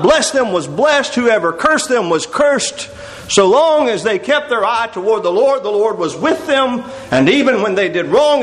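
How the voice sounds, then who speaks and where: Male pastor, high-pitched, expository sermon that quotes scripture. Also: fairly bright tone, poor audio. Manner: expository preaching, reading scripture aloud.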